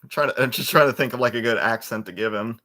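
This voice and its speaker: Talking fast in a mid-range voice that sounds pushed and bright, this livestream host in his twenties chats casually through a computer webcam mic. His speech rambles, full of restarts and fillers that trail off.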